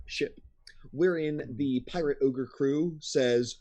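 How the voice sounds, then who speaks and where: A man's voice: a little high, takes it slowly, mellow. A man narrating as game master of a tabletop game, casual with many fillers.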